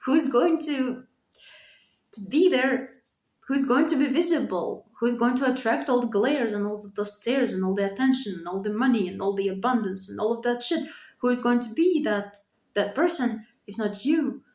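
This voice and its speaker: Woman in her 30s, vlogger, slightly high voice, earnest confessional monologue, roomy bedroom sound. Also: moderate pace, a little mellow. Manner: earnest, repeats herself, swears freely. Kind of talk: candid personal monologue. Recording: echoey room.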